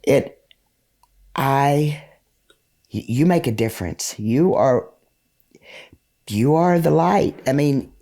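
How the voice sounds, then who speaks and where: Halting, grateful man with a mellow voice. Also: mid-range voice. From rural United States. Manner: halting, grateful, many fillers and restarts. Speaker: interview guest. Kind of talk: emotional conversation.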